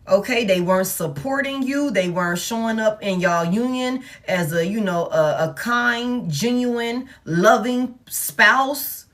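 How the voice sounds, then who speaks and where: A woman's voice: fairly high pitch, slow pace, hardly any pauses, fairly bright tone. Blunt, profane woman reading tarot. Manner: blunt and profane, with emphatic repetition. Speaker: tarot reader. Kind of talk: casual tarot reading monologue.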